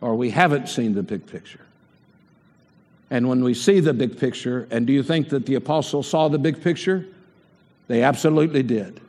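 Older guy preaching, keeps asking the congregation questions, middle pitch, long echo off a big church room. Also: normal speed, a little mellow. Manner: asks the congregation rhetorical questions. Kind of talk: sermon. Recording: long hall reverb.

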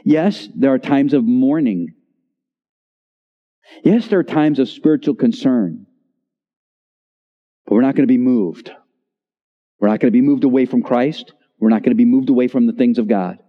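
A man in his sixties preaching a sermon in a church, with dramatic pauses and voice dropping low on key words. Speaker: pastor. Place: church sanctuary. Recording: reverberant church hall, slightly dull.

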